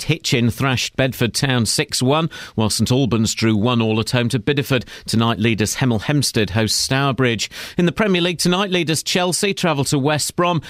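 A man reading sports headlines as a scripted radio bulletin. His delivery is steady and measured, at a mid pitch, in a dry, close sound. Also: no room sound. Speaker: sports newsreader.

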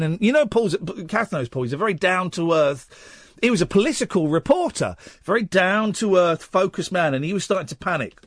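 A man hosting a late-night radio phone-in, telling a story in an animated way and acting out the voices he quotes. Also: high-pitched, normal speed, no echo, studio quality. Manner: animated, acts out quoted voices, rising to shouts. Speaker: radio host.

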